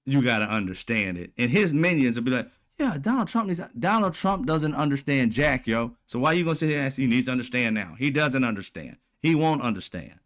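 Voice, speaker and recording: A man's voice: medium pitch, animated, a little fast, few pauses, fairly bright tone. A man hosting casual political commentary, talking bluntly with profane slang and a mocking, sarcastic edge. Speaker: commentary channel host.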